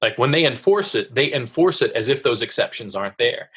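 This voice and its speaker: Husky man ranting in casual podcast chat. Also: mid-range voice, a little fast. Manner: animated, acts out quoted voices. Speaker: podcast co-host.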